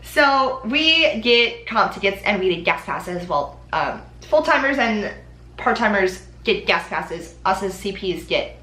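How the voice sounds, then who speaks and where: Bright, chatty young woman in an echoey room. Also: medium pitch, unhurried. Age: young adult. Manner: chatty, animated, with frequent ums and likes. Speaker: Disney College Program vlogger. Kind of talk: casual chat.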